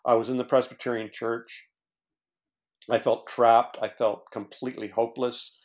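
As a podcast guest, a former pastor earnestly tells his own story in casual conversation, with many fillers and restarts. His mid-range voice is level and moderately paced.

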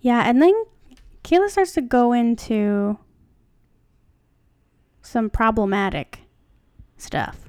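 A woman's voice: a little high, sing-song, slow pace, long pauses, a little mellow, smooth. A young woman co-hosting a podcast, reading a fan story aloud and wryly commenting between passages. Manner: wry, reads narration then comments. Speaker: podcast co-host.

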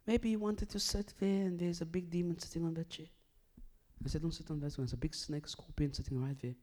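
A man preaching a sermon, swinging from loud emphatic bursts to hushed low lines and repeating phrases as he builds a point. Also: steady tone, brisk.

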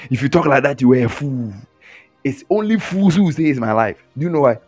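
A man delivers a lively sermon. He mimics boastful talk and chuckles at it, over faint music. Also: mid-range voice, normal speed, slightly rough. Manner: animated, mocking mimicry, frequent chuckles. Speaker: preacher.

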